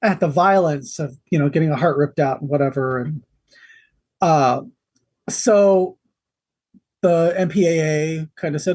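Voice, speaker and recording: A man's voice: on the high side, a little slow, long pauses, a little mellow. A man co-hosting a movie podcast over a call, rambling with many fillers and dry sarcasm. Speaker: podcast co-host. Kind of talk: casual podcast chat. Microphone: video call.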